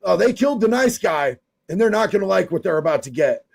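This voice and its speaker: A man's voice: high voice, very animated, quick pace, vocal fry. A man from Oregon reading viewer comments on a live stream, fiery, profane and emphatic.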